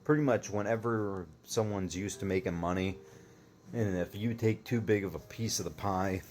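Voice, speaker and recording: A man's voice: low voice, normal speed, a little mellow, slight background noise. A man casually telling a story to camera, rambling with lots of fillers and swearing.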